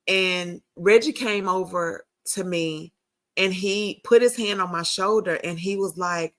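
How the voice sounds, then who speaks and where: A woman's voice: mid-range voice, slow, bright, forceful tone. A middle-aged woman, hosting a podcast and telling a heartfelt story in a casual chat, full of restarts. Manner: emotional storytelling with many restarts. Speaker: podcast host.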